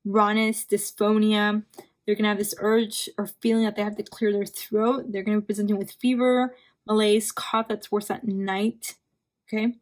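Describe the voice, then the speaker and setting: A woman's voice: medium pitch, flat delivery, moderate pace. A young woman giving a casual study review lecture, talking conversationally, repeating key terms and checking in with "right?", a bit tired from hours of recording. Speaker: physician assistant student.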